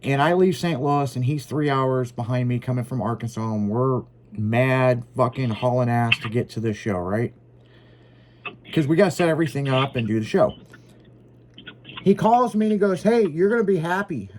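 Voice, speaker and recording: A man's voice: mid-range voice, moderate pace. A man co-hosting a casual podcast, telling profane road stories and acting out both sides of old conversations. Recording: faint background noise.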